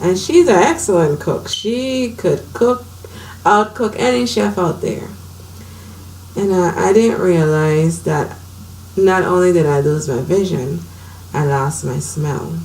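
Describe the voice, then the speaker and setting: A woman's voice: lowish voice, expressive, takes it slowly, a little mellow, slight background noise, low-quality recording. A middle-aged woman from Saint Croix telling her personal story at home in a candid, conversational way. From Saint Croix, US Virgin Islands. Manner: candid, conversational, emotional retelling. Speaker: vlogger.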